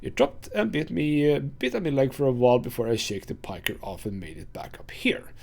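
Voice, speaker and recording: A man voicing a scruffy male scavenger from the catacombs in a video game, reading his lines in a raised, rough voice. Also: mid-range voice, wildly swooping pitch, brisk, darkish tone, full character voice. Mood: grumbling.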